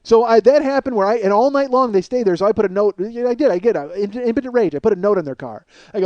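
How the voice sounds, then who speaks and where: A man hosting a comedy podcast, delivering a profane, exasperated rant that swings between loud outbursts and low muttering. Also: fast talker, few pauses, dry recording, highs cut off. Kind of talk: ranting comedic monologue.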